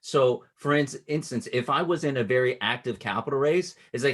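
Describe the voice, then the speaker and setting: A man coaching a client on closing sales, explaining patiently and acting out sample pitches at different speeds. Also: fairly quick, few pauses, fairly bright tone. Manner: instructive, shifts cadence to demonstrate pitches. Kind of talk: casual coaching call.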